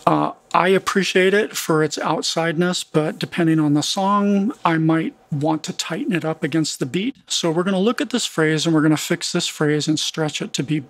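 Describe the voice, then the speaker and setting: Man with a gravelly, husky voice. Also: a little high, normal speed, few pauses. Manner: casual, explanatory, thinks aloud with small restarts. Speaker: music production tutor. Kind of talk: screen-recorded software tutorial.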